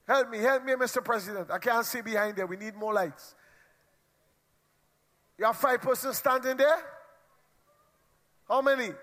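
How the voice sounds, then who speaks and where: A man's voice: very high voice, normal speed, long pauses, bright, forceful tone. A man leading a church meeting, playfully teasing and bantering with the congregation. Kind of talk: lively crowd interaction from the pulpit. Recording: long hall reverb.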